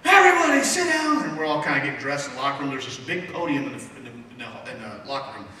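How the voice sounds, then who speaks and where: A man in his forties telling rambling, animated stories as an after-dinner speaker and taking questions from the audience in a large banquet hall. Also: medium pitch, very fast. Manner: rambling, animated, with lots of restarts. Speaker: after-dinner speaker, former baseball player. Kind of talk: storytelling speech with audience questions. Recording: echoey hall from far off.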